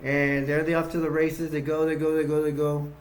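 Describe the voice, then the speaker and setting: A man's voice: a little high, completely flat delivery, brisk, echoey room. A man casually retelling a horror film scene by scene, rambling with restarts and acting out quotes in a raised voice. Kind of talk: casual acted-out retelling with toys.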